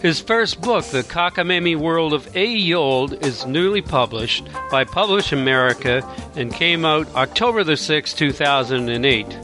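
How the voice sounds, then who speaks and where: A man's voice: a little high, lively intonation, a little slow, hardly any pauses, music in the background. A man hosting an author interview show, formally reading an introduction and asking questions. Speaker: host.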